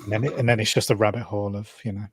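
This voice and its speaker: A man co-hosting a casual live-stream chat, dropping dry wisecracks and trailing off quietly. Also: fairly low pitch, little pitch movement, rapid-fire, husky, dry recording. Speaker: co-host.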